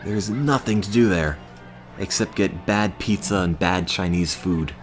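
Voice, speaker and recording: A young man chatting casually on a live stream, talking deadpan and monotone with bursts of exasperated ranting. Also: low voice, measured pace, soft background music.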